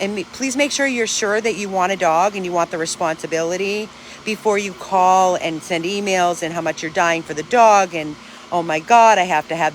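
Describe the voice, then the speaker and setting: Woman, dog rescue owner, casual vlog, outdoors, emphatic, chatty, mid pitch, faint background hiss. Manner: earnest, emphatic and talkative.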